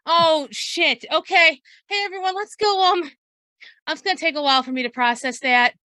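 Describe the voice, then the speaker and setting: A woman's voice: high-pitched, normal speed, pushed and bright, no room sound, studio quality. A woman playing a tabletop game, speaking casually in character and often restarting her sentences. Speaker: player.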